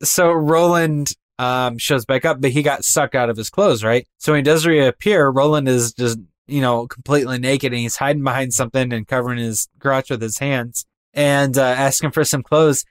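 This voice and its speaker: A man's voice: medium pitch, steady tone, moderate pace, clean tone, dry recording, studio quality. A man co-hosting a casual podcast, talking animatedly and mimicking voices for effect. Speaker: podcast co-host. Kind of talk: casual chat.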